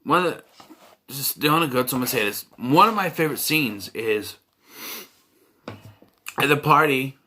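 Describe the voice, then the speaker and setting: Casting: man, bright forward tone, loose rambling reviewer with lots of ums. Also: medium pitch, expressive, moderate pace, pauses often. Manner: rambling, many fillers and restarts. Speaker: movie reviewer.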